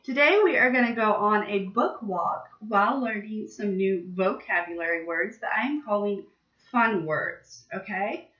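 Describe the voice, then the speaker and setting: A young woman teaching vocabulary to small children, speaking slowly and with exaggerated emphasis. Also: mid-range voice, fairly bright tone. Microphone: laptop webcam. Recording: distant, roomy, dull webcam audio.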